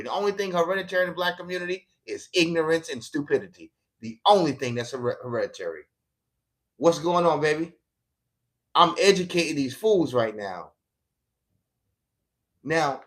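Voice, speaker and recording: A man's voice: mid-range voice, creaky. An American man doing live-stream political commentary, combative and profane as he mocks a viewer. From United States.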